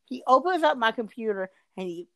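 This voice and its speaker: A middle-aged woman telling a long workplace story in casual chat, her voice jumping high when she gets exasperated. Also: fairly quick, gravelly, dry recording. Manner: animated, swings to high excited pitch when exasperated.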